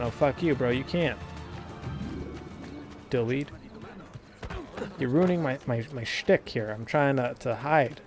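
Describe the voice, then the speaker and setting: A man's voice: medium pitch, a little slow, long pauses, darkish tone, soft background music. A young man giving casual, profane, rambling commentary as he plays a video game, laughing often. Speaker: gameplay commentator. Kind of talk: casual let's-play commentary.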